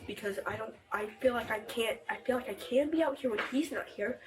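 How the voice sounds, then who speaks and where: A teenage girl inside her family home telling a deputy what happened, halting and rambling with many fillers and restarts, picked up by an officer's body camera. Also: fairly high pitch, poor audio. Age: teens. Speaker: family member reporting to deputy. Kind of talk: recounting events to police.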